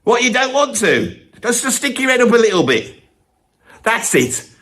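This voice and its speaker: A swaggering Birmingham loudmouth, as a man puts him on, pitched high above an ordinary man's voice. He talks in a cocky, mocking way with a thick Birmingham accent, full of bluster, like someone spinning a tall tale down the pub. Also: sing-song, normal speed, exaggerated voice. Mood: boastful. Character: boastful brash Birmingham man telling tall tales.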